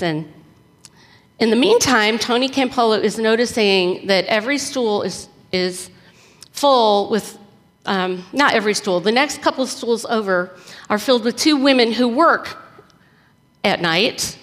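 A woman preacher telling a story in a conversational, animated sermon. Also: a little high, a little slow. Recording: echoey hall reverb.

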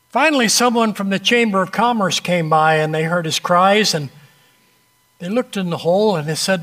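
With a high, slightly bright voice, a man preaches a sermon, telling an illustrative story in a direct, conversational way punctuated by dramatic pauses.

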